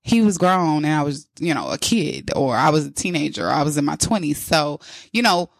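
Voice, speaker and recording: A woman's voice: low-pitched, lively intonation, brisk, creaky, dry recording. A young adult woman hosting a podcast, talking frankly in a casual monologue and repeating phrases for emphasis. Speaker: podcast host.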